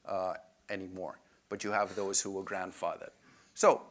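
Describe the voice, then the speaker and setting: A man's voice: mid-range voice, a bit bright. A man presenting club finances to members in a conversational way, often saying "if you will".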